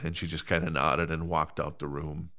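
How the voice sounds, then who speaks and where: A man's voice: a bass voice, little pitch movement, moderate pace, bright, forceful tone. A middle-aged man hosting a podcast alone, rambling casually with lots of fillers, restarts and jokes at his own expense. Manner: rambling, self-mocking, many fillers and restarts. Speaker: podcast host. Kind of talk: casual solo podcast chat.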